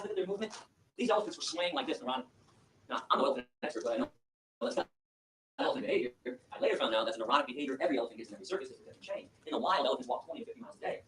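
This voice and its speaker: A man delivers an impassioned speech to a live audience. His voice sits high and he talks at a rapid, driving clip. The mic is some way off in a reverberant room, with a faint hiss underneath. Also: recorded from a distance. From Michigan, USA. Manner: rapid, animated storytelling, driving and emphatic. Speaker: activist lecturer.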